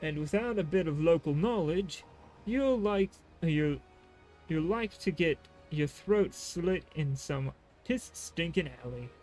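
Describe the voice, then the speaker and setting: A man's voice: on the high side, animated, measured pace, darkish tone, faint music behind. A man voicing a blunt, worldly male guide in a game, tripping over his read lines. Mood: instructive.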